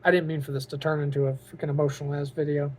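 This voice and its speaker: A man's voice: on the high side, level tone, rapid-fire. A man talking to camera in a casual vlog, earnest and openly emotional, rambling with lots of "like" and "you know". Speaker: vlogger and aspiring author.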